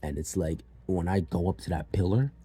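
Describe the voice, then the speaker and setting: A young man with a low, brisk, mellow voice and a breathy edge tells a personal story, recorded dry. He's loose and casual, swearing freely and plugging gaps with "like" and "you know."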